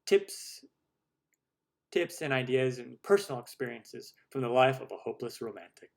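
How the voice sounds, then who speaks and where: A man's voice: medium pitch, brisk, vocal fry. Chatty middle-aged man rambling on a stream. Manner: rambling, chatty, many restarts and laughs. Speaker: host of a cooking channel live stream. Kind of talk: casual live-stream Q&A chat.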